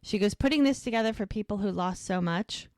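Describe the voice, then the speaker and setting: A woman's voice: medium pitch, a little fast, darkish tone, dry recording, clean studio sound. A woman co-hosting a podcast, casually recapping episodes and acting out the characters' lines. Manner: retells scenes, acting out lines with "he goes". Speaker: podcast co-host.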